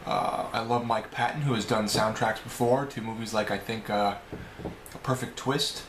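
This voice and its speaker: A man's voice: fairly low pitch, fairly even intonation, normal speed, fairly bright tone, echoey room, a little hiss or hum, low-quality recording. A man with a New York accent answering a list of questions in a casual, rambling video blog, often correcting himself. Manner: rambling, self-correcting, chatty. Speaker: video blogger. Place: home room.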